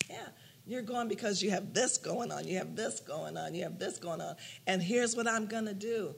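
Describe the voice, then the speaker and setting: A man's voice: high voice, vocal fry, husky. An older man teaching a prayer class in an informal way, telling personal stories, acting out what people said and laughing often. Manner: animated storyteller, laughs often, acts out quotes.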